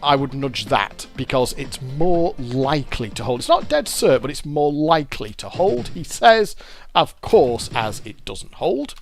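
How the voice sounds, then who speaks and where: A man's voice: medium pitch, big pitch swings, unhurried, vocal fry, faint music behind. A British man giving casual, rambling commentary while he plays a fruit machine game and explains its features.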